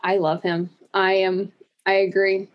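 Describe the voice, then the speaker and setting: A woman's voice: mid-range voice, level tone, unhurried, muffled recording. A woman co-hosting a casual podcast, gushing enthusiastically about favorite book characters and acting out bits of dialogue. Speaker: podcast co-host. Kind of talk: casual chat about books.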